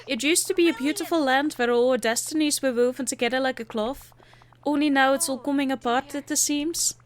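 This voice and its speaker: A woman's voice: high-pitched, fairly quick, slight background noise, lightly acted. A woman voicing a spirited young Scottish princess with an exaggerated put-on Scottish accent, reading game dialogue aloud. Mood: earnest.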